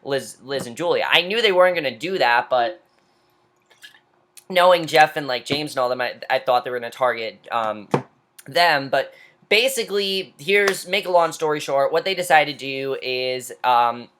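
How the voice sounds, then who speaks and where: A woman's voice: a bass voice, animated, normal speed, a bit bright, a little hiss or hum. A woman giving an opinionated, casual recap of a reality show, talking freely with lots of fillers and restarts.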